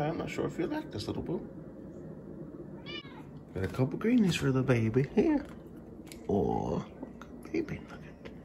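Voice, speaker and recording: A man's voice: fairly high pitch, vocal fry, background noise. A man talking to his cat at home in a doting baby-talk voice. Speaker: pet vlogger. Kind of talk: casual talk to a pet cat.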